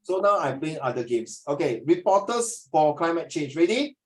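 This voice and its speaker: A man's voice: on the high side, sing-song, moderate pace, rough recording. A man with a Singaporean English accent tutoring a class, teasing his students and then lecturing them seriously.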